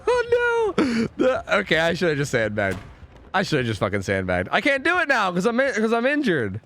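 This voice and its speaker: A young man streaming a video game, rambling and swearing, swinging between groans and excited outbursts. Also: a little high, a little hiss or hum. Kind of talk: live gameplay commentary.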